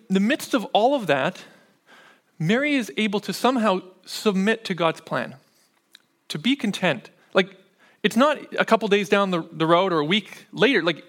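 A man's voice: high voice, fairly bright tone. A man preaching a sermon as pastor, talking in a conversational way and often checking in with his listeners. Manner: conversational preaching, frequent "right?" check-ins.

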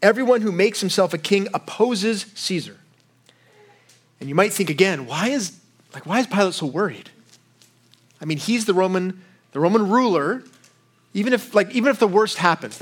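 A young adult man giving a sermon in a conversational style, voicing quoted lines with a lifted voice. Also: high-pitched. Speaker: pastor.

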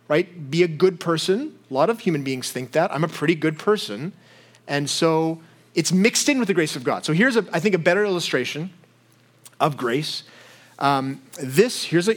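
A pastor preaches in a relaxed, conversational way, weaving in funny stories about himself. His voice sits high for a man. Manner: conversational storytelling with self-deprecating humor. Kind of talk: sermon.

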